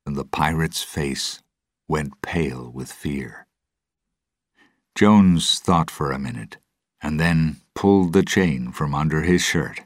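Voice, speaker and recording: A man narrating a storybook chapter with an extremely deep voice, unhurried and deliberate. His tone is husky and the recording is dry and close. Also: no echo. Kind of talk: storybook reading.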